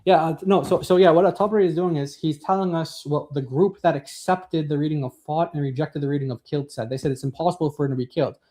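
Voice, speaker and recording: A man's voice: fairly high pitch, fast, hardly any pauses, warm tone. A man co-hosting a casual discussion, reading quotes from a text and commenting in a rambling way with many fillers. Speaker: co-host.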